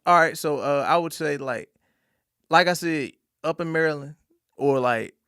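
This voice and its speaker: Young dude from north carolina, country drawl, kinda gravelly, just chatting easy on a podcast. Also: male voice, on the high side, moderate pace, fairly bright tone, dry recording, studio quality. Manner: drawling, easygoing storyteller with country slang. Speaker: podcast guest. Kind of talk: casual interview chat.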